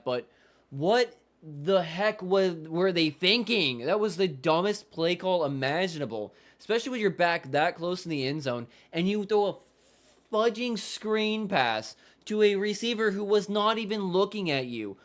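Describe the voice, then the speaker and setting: High-voiced man fuming over a football game. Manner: exasperated, swears constantly, shouts in disbelief; mutters play-by-play updates. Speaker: live stream reaction host. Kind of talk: live game reaction commentary.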